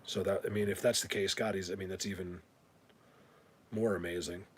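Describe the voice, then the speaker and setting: A man's voice: deep voice, fairly even intonation, brisk, a little hiss or hum. A man hosting a casual livestream, rambling and stammering as he thanks viewers, bothered by a whistling ringing in his ears. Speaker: livestream host.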